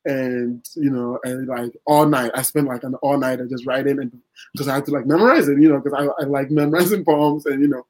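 A man's voice: mid-range voice, steady tone, fairly quick, darkish tone, rough recording. A man talking casually as a guest poet in an interview, rambling with many fillers and restarts.

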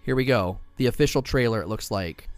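A man commentating live on a stream, excitable, with quick bursts of enthusiasm and fillers. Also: mid-range voice, no room sound, soft background music.

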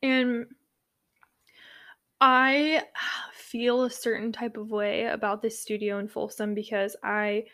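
Young woman, a yoga teacher from California, with a slightly high voice, chatting casually and earnestly with lots of fillers. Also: level tone, takes it slowly, pauses often, pushed and bright. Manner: rambling, filler-heavy, earnest. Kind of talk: casual personal storytelling.

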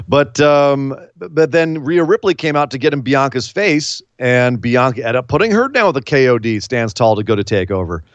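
A man's voice: medium pitch, lively intonation, moderate pace, hardly any pauses, dry recording. Chatty man recapping wrestling, lo-fi. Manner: chatty, laughs while recapping. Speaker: wrestling podcast co-host. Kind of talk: casual recap chat.

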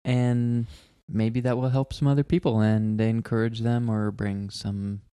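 A man's voice: mid-range voice, flat delivery, unhurried, dark tone, clear, resonant tone, no room sound. Chatty young man, dry close sound. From California. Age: 20s. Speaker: podcast co-host. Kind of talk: casual chat. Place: bedroom at home.

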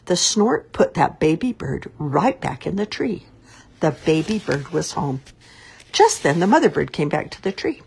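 A woman reading a children's story aloud in an expressive, sing-song storybook manner. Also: deep voice, a little slow, creaky, a little hiss or hum.

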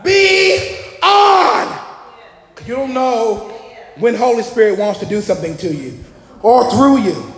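A man preaching a lively sermon to a congregation, energetic and joking, often shouting out to the room. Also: high voice, moderate pace. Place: church hall. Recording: echoey hall with long reverb.

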